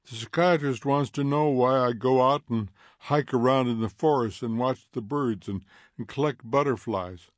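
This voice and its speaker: A man voicing a curious, gently odd teenage girl who talks softly and stumbles over her words. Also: mid-range voice, moderate pace, no echo, clean studio sound, lightly acted. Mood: wondering.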